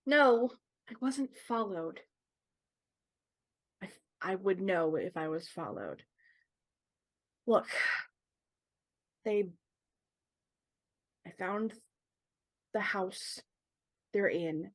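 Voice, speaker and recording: Slow, hesitant woman playing a character. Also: mid-range voice, expressive, no echo. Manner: halting, searching for words with many fillers. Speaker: player. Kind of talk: in-character tabletop role-play.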